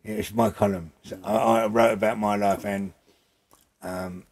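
An older man, gravelly and husky, speaking bluntly and emphatically in a casual interview at his home, swearing freely. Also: lowish voice, fairly even intonation, moderate pace, darkish tone. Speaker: interview guest.

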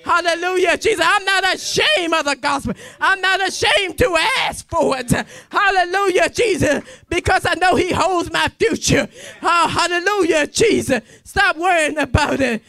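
A woman evangelist preaching a fervent sermon, often shouting and exclaiming hallelujah. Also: extremely high pitch, normal speed, creaky, hardly any pauses.

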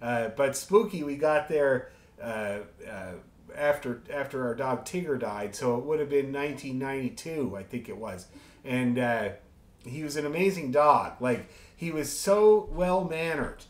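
A man's voice: mid-range voice, expressive, a little slow. A man leading an online music rehearsal, chatting casually and telling rambling, joking stories. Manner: rambling storyteller, friendly and joking. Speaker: orchestra leader. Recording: echoey room.

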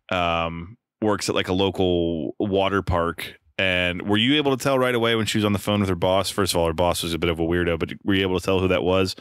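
A man's voice: sits low, a bit bright, clean tone, no room sound, clean studio sound. A man co-hosting a casual film podcast, chatting and reading out a plot summary. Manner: conversational, reads plot summary aloud. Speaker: podcast co-host.

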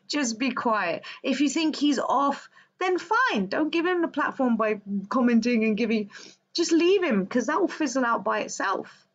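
Passionate woman hosting a livestream. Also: a little high. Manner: passionate, emphatic, talks to viewers directly. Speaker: wellbeing livestream host. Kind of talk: casual livestream monologue. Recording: slightly dull lo-fi audio.

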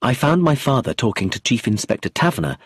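A man narrating a story in a scripted reading voice, husky and breathy, close to the mic. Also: medium pitch, big pitch swings, fast talker, no echo. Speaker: audiobook narrator.

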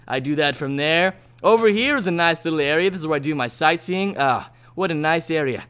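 A man hosting a gaming video, joking playfully through his game and swinging between loud yelps and quiet asides. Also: fairly high pitch, animated, brisk, few pauses, clear, resonant tone. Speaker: gaming channel host. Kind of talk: Let's Play commentary.

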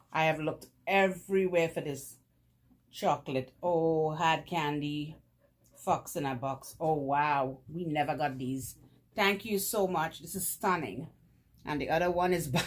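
A woman vlogger opening fan mail, effusive and laughing, repeating her praise over and over. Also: low-pitched. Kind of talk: casual unboxing chat.

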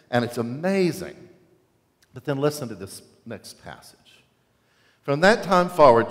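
A male pastor preaching a sermon in a church, animated and often asking the congregation questions. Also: medium pitch, big-room sound. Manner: animated, asks the congregation questions, acts out quotes. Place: church sanctuary.

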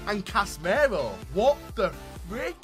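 A high, bright male voice, bouncing up and down in pitch. He opens game packs at an unhurried pace, muttering low between picks and then whooping loudly at big pulls. Faint music plays behind him. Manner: excitable, swings between low muttering and shouted celebration. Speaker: gaming YouTuber. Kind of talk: pack-opening gaming commentary.

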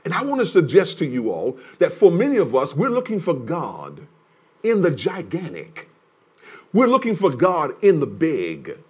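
Husky, lively pastor preaching. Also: male voice, on the high side, normal speed. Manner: emphatic, repeats words, swings between loud and hushed. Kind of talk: livestreamed sermon teaching.

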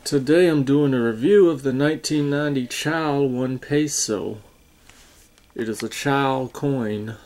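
A man talking casually and haltingly as he reviews a coin, stopping to correct himself. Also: medium pitch, a little mellow. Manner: slow, halting, unsure talk with fillers and self-corrections.

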